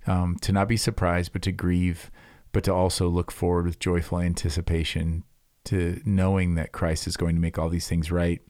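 Earnest guy on a church podcast, deep voice, lots of "like"s and restarts, dry sound. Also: little pitch movement, moderate pace, a little mellow, no room sound. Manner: earnest, many fillers and restarts. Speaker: pastor co-host.

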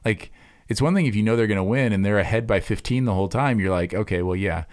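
A man's voice: lowish voice, fast, a little mellow, dry recording, studio quality. A man co-hosting a church podcast, talking earnestly with frequent fillers and restarts. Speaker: pastor co-host.

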